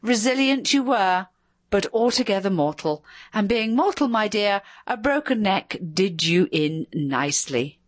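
A woman's voice: medium pitch, expressive, unhurried, dry recording. A woman voicing a bitter, scornful husband in a spoken story, sneering and sarcastic.

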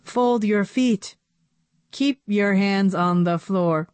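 A woman voicing a stiff robot copy of a female teacher, with flat, commanding speech. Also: medium pitch, slow, clear, resonant tone, no echo, close to an everyday voice.

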